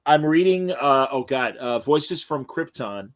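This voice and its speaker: A man's voice: medium pitch, expressive, measured pace, no room sound. A man co-hosting a casual chat, enthusiastic and chiming in with facts. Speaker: co-host.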